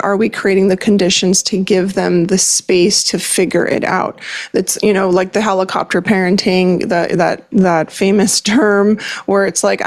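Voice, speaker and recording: A woman's voice: medium pitch, creaky. A woman hosting a conversational interview, reflective and thinking aloud with frequent fillers. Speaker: podcast host.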